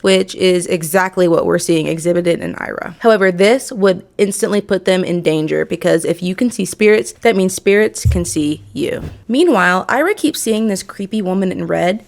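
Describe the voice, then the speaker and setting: Gushing woman recapping an anime. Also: medium pitch. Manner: chatty and gushing. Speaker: anime video host.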